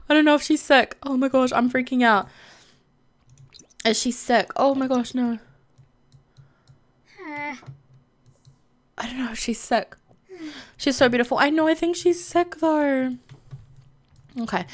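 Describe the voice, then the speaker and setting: A woman's voice: on the high side, a bit bright. A young woman streaming a live let's play, chatting emotionally about the game with lots of filler ums.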